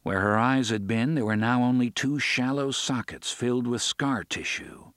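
A man narrating a novel in an expressive, measured way. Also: mid-range voice, no room sound, studio quality. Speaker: audiobook narrator. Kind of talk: scripted narration.

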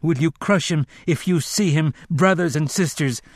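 A man voices a cold, commanding preacher woman, hammering home rhetorical sermon lines at normal speed. His voice is a little high, pitched above his own yet close to an everyday voice, in a dry, clean studio recording.

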